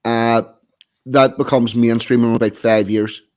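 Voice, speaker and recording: A man's voice: medium pitch, flat delivery, a little slow, darkish tone. A man co-hosting a casual stream chat, explaining things with a dry, joking manner. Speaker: stream co-host.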